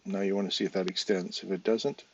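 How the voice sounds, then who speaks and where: A man's voice: low-pitched, little pitch movement, fast, lo-fi sound. An English man with a casual, chatty manner, talking viewers through a trading chart live, step by step. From England. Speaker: trading educator.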